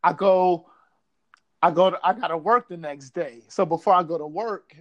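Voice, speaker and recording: A man's voice: sits high, normal speed, lo-fi sound. A man from Buffalo telling a casual story, swearing freely and acting out quotes. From Buffalo, New York.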